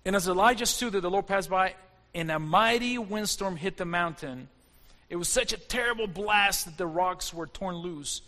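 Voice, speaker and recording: A man's voice: high-pitched, sharp tone. A man preaching a fervent sermon, his intensity rising and falling as he speaks. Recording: long hall reverb.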